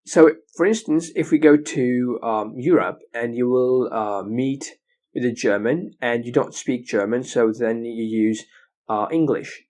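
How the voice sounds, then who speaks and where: A man giving a recorded lecture as an English teacher, explaining slowly and often checking with "okay?". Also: medium pitch, a little mellow.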